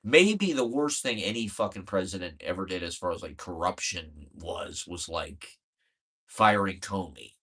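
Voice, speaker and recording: A man's voice: low voice, expressive, measured pace, a bit bright, husky. A man in a casual political rant, profane, exasperated and rambling, with many fillers.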